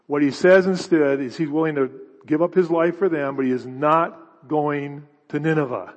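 A pastor preaching a sermon with dramatic storytelling and stammered restarts, recorded in a church hall. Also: male voice, on the high side, moderate pace. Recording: long reverb, dull lo-fi sound.

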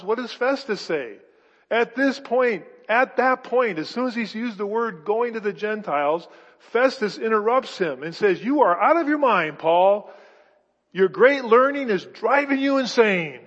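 A high-pitched male pastor delivers a sermon, building to emphatic bursts and peppering it with rhetorical questions. His voice is starting to go hoarse. The sound is slightly dull and carries a long hall reverb. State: losing his voice.

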